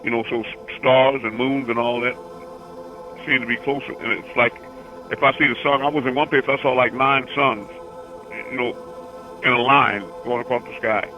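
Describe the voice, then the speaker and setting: A man's voice: mid-range voice, fairly even intonation, normal speed, dull audio, music in the background. A man hosting a call-in session, talking casually and rambling, repeating words as he recounts long visions. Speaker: host answering callers.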